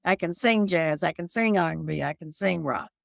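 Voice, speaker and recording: Older woman with a dry, low voice. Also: moderate pace, vocal fry, no echo. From Detroit. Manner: animated storyteller, repeats phrases. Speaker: guest singer. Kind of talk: casual interview chat.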